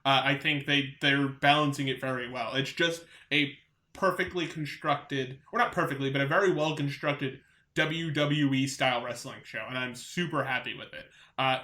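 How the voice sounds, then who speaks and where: A man's voice: mid-range voice, fairly even intonation, normal speed, sharp tone, echoey room. A man from Long Island with a light New York accent, co-hosting a podcast in casual chat, rambling and enthusiastic with many restarts. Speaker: podcast co-host.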